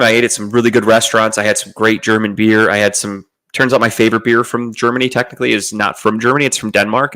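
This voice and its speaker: A young man with a fairly low voice tells a long story at an easy, relaxed pace. He rambles and swears freely in a laid-back, casual way. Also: poor audio. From United States. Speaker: podcast host.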